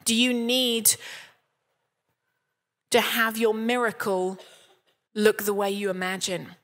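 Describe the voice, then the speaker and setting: A woman in her thirties preaches at a church service, her mid-range voice slow, flat, and a bit bright. She tells candid, funny stories and acts out what people said, and the church hall gives the recording a long reverb.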